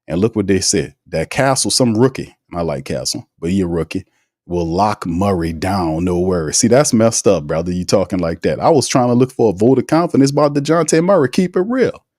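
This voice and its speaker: A man's voice: sits low, expressive, fairly quick, a little mellow, no room sound, clean studio sound. A man hosting a casual sports podcast, talking in an emphatic, slangy, teasing way and reading out live chat comments. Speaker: podcast host.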